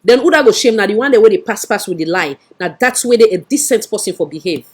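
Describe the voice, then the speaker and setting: Sierra Leonean woman commentator, mid-pitched and breathy, lecturing hard in Krio-accented English. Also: animated, fast. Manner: scolding, rhetorical questions. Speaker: online political commentator. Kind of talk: livestream commentary.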